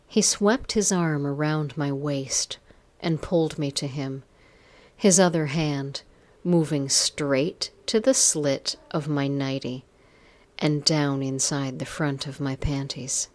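A woman reading a first-person story aloud, with a soft, intimate delivery. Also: low-pitched. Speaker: narrator.

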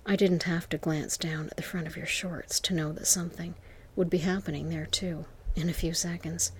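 A woman narrating an intimate whispered role-play to the listener, in a soft, slow, seductive whisper. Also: on the low side, little pitch movement, slight background noise.

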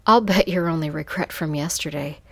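Woman voicing a low, purring domineering boss. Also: a little fast, vocal fry, no echo. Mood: taunting. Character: smug domineering middle-aged male boss.

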